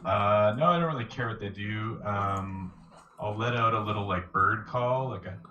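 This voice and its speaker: A player in a tabletop role-playing game who describes his character's moves hesitantly, with frequent pauses. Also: medium pitch. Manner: hesitant, full of uh and um. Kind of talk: casual tabletop play over a call. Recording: distant, dull, echoey audio with loud music.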